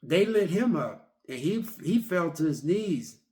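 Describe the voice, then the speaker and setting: A middle-aged man in a casual vlog, excitedly retelling a movie's scenes and acting out the characters' lines. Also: a little high, a little slow. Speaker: vlogger reviewing a movie.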